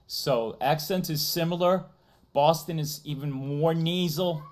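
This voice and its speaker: A woman's voice: deep voice, unhurried, darkish tone. A woman from Massachusetts with a New England accent, hosting a live stream in casual, playful chat and reading out donations. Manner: chatty, playful, interrupts to read donations. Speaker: streamer host.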